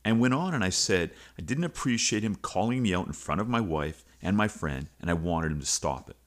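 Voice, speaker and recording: A man's voice: low-pitched, animated, a little fast. A middle-aged man, a teacher and coach, hosting a podcast and telling a personal story in an earnest, confessional way.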